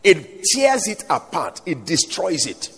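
A man's voice: fairly high pitch, wildly swooping pitch, takes it slowly, a bit bright, breathy edge. A man preaching a sermon, reciting scripture and calling the congregation to answer back. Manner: dramatic, call-and-response preaching with scripture recitation. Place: large hall or outdoor gathering. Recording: echoey hall reverb.

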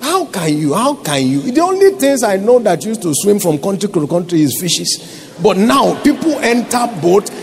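A man with a Nigerian accent, a pastor preaching a sermon with call-and-response questions and swelling to shouts. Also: sits high, big pitch swings, moderate pace, gravelly, a little hiss or hum.

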